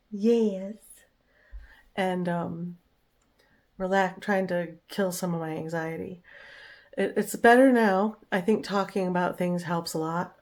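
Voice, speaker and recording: A woman chatting casually in a home vlog, relaxed and talkative, sometimes cooing to her dog. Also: fairly low pitch. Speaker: vlogger. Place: home, indoors.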